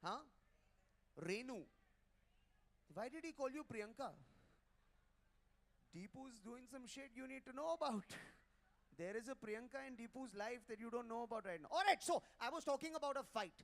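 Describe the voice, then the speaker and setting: A man's voice: extremely high pitch, animated, moderate pace, long pauses, a bit bright. A man doing live stand-up, brash and teasing as he works the crowd on a handheld mic at a hotel ballroom event. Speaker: stand-up comedian.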